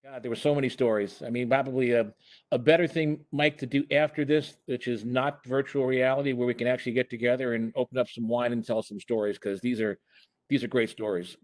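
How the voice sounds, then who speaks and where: A man's voice: mid-range voice, fairly even intonation, brisk, darkish tone, no room sound. Older man telling stories, dry sound. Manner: chatty anecdotal telling with laughs and restarts. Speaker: former emergency department chair and program director. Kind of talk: casual storytelling on a video call. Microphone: video call.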